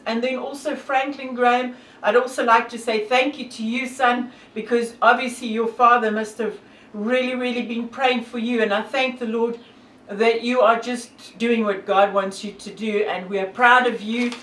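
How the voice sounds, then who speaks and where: A woman's voice: fairly high pitch, fairly even intonation, normal speed, a bit bright, roomy sound, recorded from a distance, poor audio. A woman from South Africa with a South African accent, talking earnestly and devoutly to camera with many fillers. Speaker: hiker and vlogger. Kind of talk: casual talk to camera.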